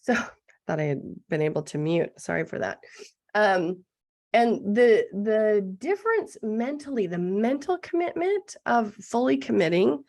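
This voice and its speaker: A middle-aged woman with a gruff, hoarse voice explaining business legal basics in an online masterclass, often checking in with "right?". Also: medium pitch, expressive, measured pace, darkish tone. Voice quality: gravelly. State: gruff, throat-clearing voice. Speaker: business lawyer presenting a masterclass.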